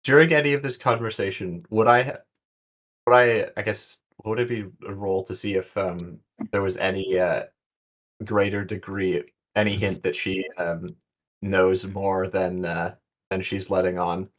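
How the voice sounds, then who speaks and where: A man playing a tabletop role-playing game, talking haltingly with many fillers. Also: sits low, steady tone. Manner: halting, full of fillers and restarts. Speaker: player. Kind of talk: tabletop role-play chat.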